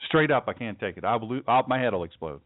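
A man's voice: medium pitch, lively intonation, quick pace, no echo. A male talk show host delivering an impassioned political monologue from his studio, emphatic and repetitive, often stammering and restarting as he pushes his point. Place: home studio. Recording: dry, tinny phone-like sound.

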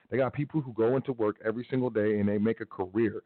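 A man's voice: fairly low pitch, steady tone, fast, hardly any pauses, no room sound. A man hosting a talk radio show, speaking casually and emphatically and repeating his phrases. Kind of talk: motivational talk radio monologue. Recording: tinny phone-like line, dry.

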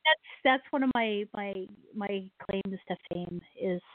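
A woman's voice: mid-range voice, unhurried, no echo. A woman radio host with a Midwestern American accent, telling a rambling story on a chat show. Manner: rambling, self-correcting storyteller. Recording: tinny phone-line audio.

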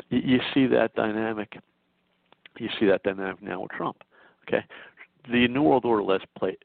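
A man's voice: fairly low pitch, vocal fry, no room sound. A male host giving an insistent political commentary monologue, full of stammering restarts. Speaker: talk show host. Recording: dry tinny phone-like sound.

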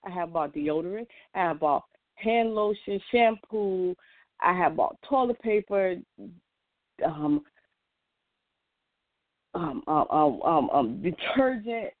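A woman's voice: medium pitch, animated, slow, pauses often, no room sound. A woman in a casual monologue, earnest and emphatic, often restarting her sentences. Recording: tinny, dry phone-like sound.

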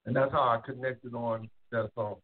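A man's voice: mid-range voice, steady tone, moderate pace. A man co-hosting a casual music show, introducing songs and spelling out names in a laid-back way. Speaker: co-host presenting songs. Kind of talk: casual radio-style chat. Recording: tinny phone-line sound.

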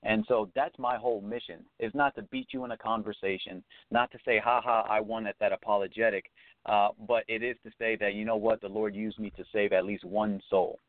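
Earnest low-voiced man on a phone line. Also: steady tone, a little fast, hardly any pauses, no echo. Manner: sincere, preacherly, hesitant with fillers. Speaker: guest. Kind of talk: earnest testimony. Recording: tinny phone-line audio.

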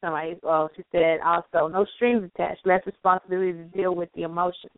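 A woman co-hosting a late-night radio talk show, chatting casually and reading shout-outs. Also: fairly low pitch, steady tone, fast talker, no echo. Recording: dry phone-line sound.

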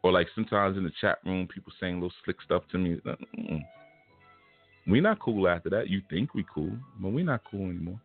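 A man's voice: sits low, a little fast. A man giving a casual spiritual lesson, telling a personal story in blunt, streetwise slang. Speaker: spiritual teacher. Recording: tinny phone-like sound with faint music.

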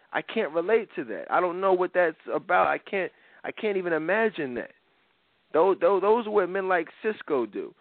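A man's voice: fairly high pitch, no echo. A man hosting a talk show, giving blunt, rambling opinions in casual commentary and often repeating his words. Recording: tinny phone-like audio.

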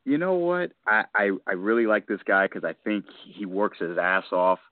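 A man co-hosting a podcast in casual chat, mulling choices aloud and getting excited about them. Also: lowish voice, moderate pace, dry recording. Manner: deliberating aloud, enthusiastic. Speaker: podcast co-host. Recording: tinny phone line, dry.

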